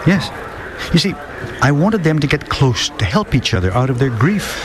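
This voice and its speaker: An older storyteller over music. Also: male voice, on the high side, big pitch swings, normal speed. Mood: fond. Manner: storytelling, fond, with soft laughs. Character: older man telling a fond memory. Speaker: narrator recounting the story. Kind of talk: radio drama narration.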